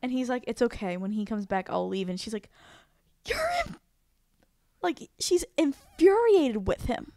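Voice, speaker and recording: A woman's voice: on the high side, big pitch swings, normal speed, few pauses, dark tone, no room sound, clean studio sound. A woman co-hosting a podcast, chatting casually and retelling favourite scenes. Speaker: podcast co-host. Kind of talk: casual fan chat.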